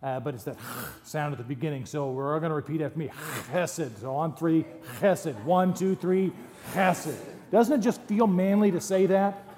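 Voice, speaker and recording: A man's voice: on the high side, a little fast, hardly any pauses, dark tone. A man preaching a sermon to his congregation in a conversational, humorous way, with jokes and asides. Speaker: pastor. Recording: long hall reverb.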